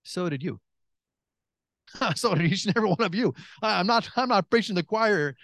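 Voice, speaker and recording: Animated, joking man preaching a sermon. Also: brisk, dry recording. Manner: animated, acts out his own prayers with big pitch jumps; chatty and joking, many restarts. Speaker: pastor.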